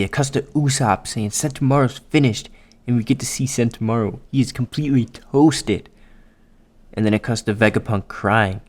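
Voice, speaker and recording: A man doing a casual, excitable manga chapter readthrough for his viewers, swearing often and talking straight to them. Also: medium pitch. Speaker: anime and manga YouTuber.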